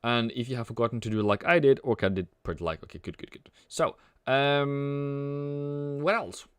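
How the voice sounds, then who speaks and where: A man's voice: medium pitch, steady tone, normal speed, smooth, no room sound, clean studio sound. A young man, rambling playfully through a live trading stream, joking and humming between market calls. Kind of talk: casual live-stream commentary.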